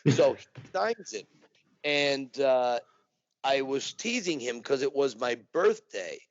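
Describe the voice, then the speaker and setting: A man being interviewed, telling an animated anecdote in casual conversation. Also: medium pitch, takes it slowly, dry recording. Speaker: interview guest, impersonator. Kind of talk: casual storytelling. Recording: dull dry recording.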